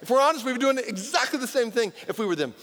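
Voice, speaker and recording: A man's voice: very high voice, expressive, fast, fairly bright tone. A man preaching a sermon as a pastor, telling a personal story and then building to fervent emphasis. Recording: long hall reverb.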